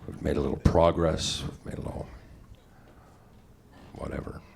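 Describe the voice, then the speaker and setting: A man's voice: very deep voice, little pitch movement, moderate pace, vocal fry, darkish tone. A middle-aged man doing a wry, rambling stand-up comedy set on a comedy club stage. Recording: noisy live club recording.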